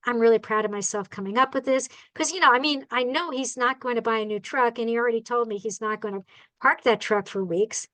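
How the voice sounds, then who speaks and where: Chatty female bird rehabilitator, high voice, animated storyteller who checks in with the room. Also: a little fast, low-quality recording. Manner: animated, acts out the people and birds in her stories; chatty, asks the audience "all right?". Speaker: bird rehabilitator giving a talk. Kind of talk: storytelling talk to a club.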